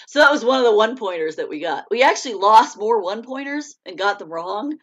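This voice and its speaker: A middle-aged American woman, an author, chatting casually to a live audience, laughing often and breaking into excited bursts. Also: medium pitch, fast, few pauses. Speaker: author hosting a live chat. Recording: dull lo-fi stream audio.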